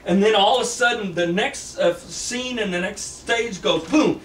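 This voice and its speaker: Man rambling through a story, high voice, sounds far from the mic. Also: unhurried, fairly bright tone. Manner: rambling, repeats and restarts often. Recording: echoey room, distant mic, faint hiss.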